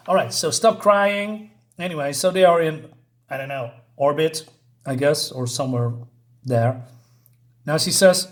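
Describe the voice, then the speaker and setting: A man's voice: mid-range voice, unhurried. A man casually reviewing a comic book, chatty and sarcastic, with frequent fillers and tag questions.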